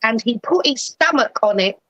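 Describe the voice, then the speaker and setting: A woman's voice: fairly high pitch, animated, normal speed, a bit bright, no room sound, lo-fi sound. A middle-aged woman and actress, chatting playfully as a guest on a talk show. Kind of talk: casual chat.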